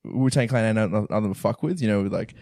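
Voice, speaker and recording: A man's voice: fairly low pitch, fairly quick, creaky, dark tone, no room sound, studio quality. A man co-hosting a podcast in a casual, playful and jokey way. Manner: playful, laughs often, jokey. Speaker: podcast co-host. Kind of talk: casual chat.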